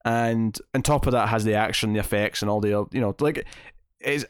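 A man's voice: lowish voice, moderate pace, clean tone, no echo, studio quality. A man hosting a podcast, chatting casually and enthusiastically about a TV episode with many restarts. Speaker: podcast host. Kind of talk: casual TV recap chat.

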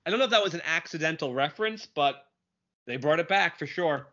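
Man, podcast co-host, casual and enthusiastic, slightly high voice, dull lo-fi sound. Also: animated, bright, forceful tone. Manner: enthusiastic, recaps plot with quick quoted bits. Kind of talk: casual chat.

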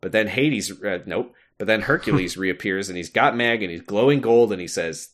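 A man's voice: on the low side, moderate pace, few pauses, fairly bright tone. A man co-hosting a podcast, chatting casually about a video game, laughing often and acting out the characters' lines. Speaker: podcast co-host.

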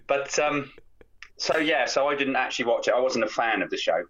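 A man's voice: medium pitch, expressive, a little fast, a bit bright, muffled recording. A man co-hosting a casual film-review podcast, rambling and repeating words with plenty of fillers. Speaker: podcast co-host.

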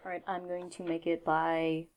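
A woman playing a tabletop game, declaring her moves in a quiet, matter-of-fact way. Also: on the low side, monotone, normal speed, heavy background noise. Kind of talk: casual chat.

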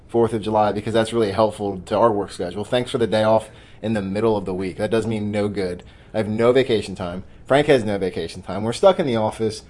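A man hosting a sports betting podcast in casual chat, brash and joking as he hypes his own picks. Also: on the low side. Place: studio office.

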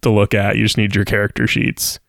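A man's voice: lowish voice, flat delivery, fairly quick, gravelly, fairly bright tone, no room sound, studio quality. A man chatting casually in a group, friendly and enthusiastic. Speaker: podcast co-host.

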